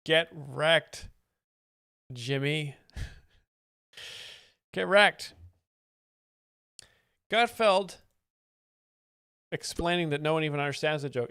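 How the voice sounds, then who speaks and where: A man giving satirical live stream commentary on clips, rambling with deadpan mock seriousness. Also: on the high side, clean tone, dry recording, studio quality. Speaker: comedic streamer reacting to clips.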